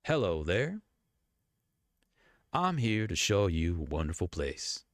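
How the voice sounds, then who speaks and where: A man doing a ghoul salesman with a thick southern drawl, drawing each word out slowly in a low voice. The pitch is folksy and friendly. The sound is dry and close. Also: very animated, dry recording, exaggerated voice. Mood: salesy.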